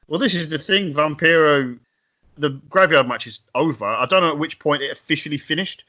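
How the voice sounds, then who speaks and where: A man co-hosting a podcast, recapping events in a wry, animated way. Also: fairly high pitch, brisk, lo-fi sound. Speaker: podcast co-host. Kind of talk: casual podcast chat.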